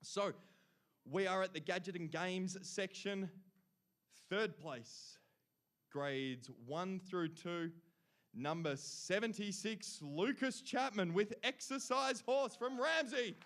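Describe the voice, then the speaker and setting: A young adult man with an Australian accent and a high, light voice reads out award places and winners to a live crowd. He is upbeat and playful, breaking in with quick jokes between names. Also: a bit bright. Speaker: awards announcer.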